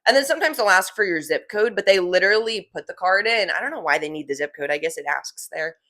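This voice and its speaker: A woman's voice: on the low side, animated, fast talker, bright, forceful tone. Young jersey girl vlogging, rambly, says like a lot, keeps correcting herself. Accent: New Jersey. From New Jersey. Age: young adult. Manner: chatty, rambling, self-correcting with lots of "like". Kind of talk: casual chat to camera.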